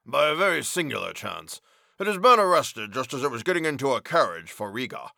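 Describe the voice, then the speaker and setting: A man voicing a short-sighted older police official with gray whiskers, speaking slowly and matter-of-factly in a storybook reading. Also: medium pitch, big pitch swings, vocal fry, bright, forceful tone, no room sound, studio quality, exaggerated voice. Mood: calm.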